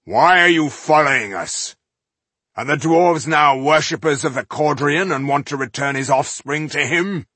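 A man voicing a gruff, hot-tempered male dwarf warrior who hurls insults and curses. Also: on the high side, measured pace, pushed and bright, no room sound, pitched above the performer's own voice. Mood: scornful.

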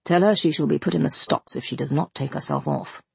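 A woman voicing a stern, curt male magistrate with a gruff, dismissive tone. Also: deep voice, brisk, a little mellow, no echo, pitched below the performer's own voice, heavily acted.

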